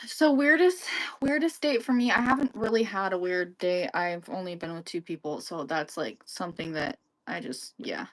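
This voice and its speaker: A woman's voice: fairly low pitch, normal speed, few pauses, fairly bright tone, low-quality recording. Female co-host, casual live chat, agreeable, chimes in often. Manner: agreeable, chimes in with short replies.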